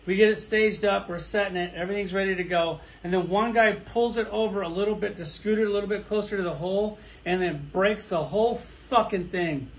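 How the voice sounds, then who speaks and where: A man's voice: high voice, brisk, few pauses. A middle-aged man ranting bluntly and crudely, firing off rhetorical questions in a profane monologue. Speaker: toy collector vlogger.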